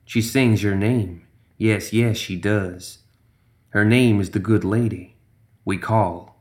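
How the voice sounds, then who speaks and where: A man's voice: fairly low pitch, steady tone, takes it slowly. A man voicing a sinister, hissing female creature who gambles greedily and repeats herself slyly. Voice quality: hissing, sly repetitions.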